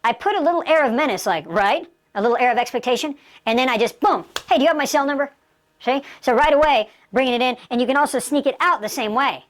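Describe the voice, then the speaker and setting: A woman's voice: a little high, expressive, quick pace, hardly any pauses. A woman instructor giving an emphatic lesson and acting out sample dialogue. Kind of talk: instructional talk.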